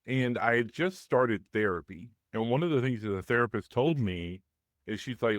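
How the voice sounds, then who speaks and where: A man's voice: mid-range voice, expressive, moderate pace, no echo, studio quality. A man in his thirties who hosts a support group, telling a candid personal story in casual conversation over a video call.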